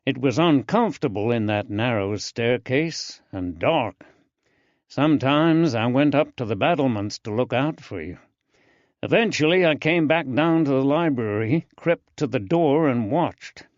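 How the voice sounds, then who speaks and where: A male narrator voicing an earnest, eager young man with a soft drawling accent in an audiobook. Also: medium pitch, no room sound, highs cut off, close to an everyday voice.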